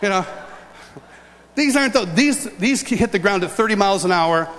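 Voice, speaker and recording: An older man from upstate New York, preaching a sermon as a lively personal story with chuckles and restarts. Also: high-pitched, moderate pace. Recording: long hall reverb.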